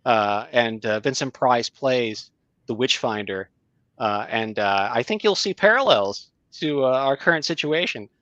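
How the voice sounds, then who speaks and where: A middle-aged man, a writing teacher, telling a story in casual conversation, halting with many fillers and restarts. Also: mid-range voice, expressive, a bit bright, no echo, highs cut off. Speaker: guest, creative writing teacher.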